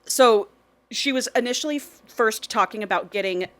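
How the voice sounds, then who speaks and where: A woman's voice: a little high, moderate pace, fairly bright tone, dry recording. A woman co-hosting a podcast who recaps a novel in casual chat, swearing freely, laughing often and acting out the characters' lines. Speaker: podcast co-host.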